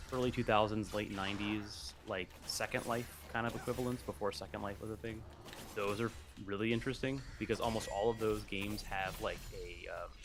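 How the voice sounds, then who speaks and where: Low-voiced rambling male streamer. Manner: rambling, many fillers and restarts. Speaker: stream co-host. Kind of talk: casual chat.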